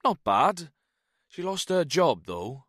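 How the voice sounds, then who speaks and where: A man's voice: a little high, big pitch swings, a bit bright, no room sound, clean studio sound, pitched above the performer's own voice, heavily acted. Man voicing a lilting Welsh fifty-something drinker. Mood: jovial. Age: 50s. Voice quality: lilting, slow after drinks. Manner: hearty, chatty.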